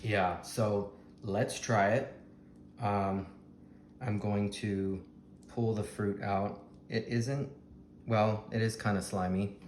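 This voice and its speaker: A man with a Texan accent, vlogging a fruit tasting at home in a slow, dreamy, gushing way with many ums. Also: fairly low pitch, darkish tone. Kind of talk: casual food tasting vlog. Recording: echoey room with faint ambient hiss.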